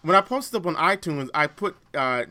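A man's voice: a little high, big pitch swings, moderate pace, heavy background noise. A man co-hosting a fan podcast, talking in casual chat with lots of fillers and restarts. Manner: hesitant, many fillers and restarts. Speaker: podcast co-host.

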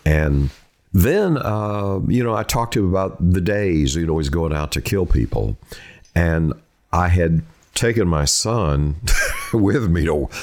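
A man's voice: sits low, big pitch swings, measured pace, a little mellow. A middle-aged man, a true crime reporter telling stories in an interview and acting out the voices he quotes. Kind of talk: storytelling in an interview.

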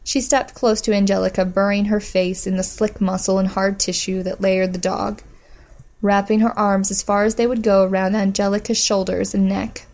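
A woman reading a storybook aloud as narrator, in a steady, measured manner. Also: medium pitch. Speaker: audiobook narrator. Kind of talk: scripted narration.

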